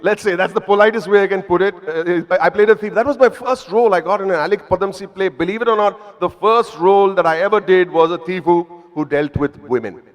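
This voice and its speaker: A man's voice: high-pitched, fast, hardly any pauses, muffled recording. A man in his fifties with an Indian English accent, telling playful, self-deprecating stories to a live audience. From Mumbai, India. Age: 50s. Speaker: actor speaking at an evening event. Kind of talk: humorous storytelling to a live audience. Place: event hall before an audience. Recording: long reverb of a live event hall.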